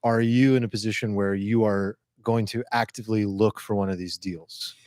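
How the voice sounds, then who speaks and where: A man's voice: lowish voice, fairly even intonation, normal speed, darkish tone, no echo. Podcast host, male, easygoing questioner, dry close mic. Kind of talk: casual chat.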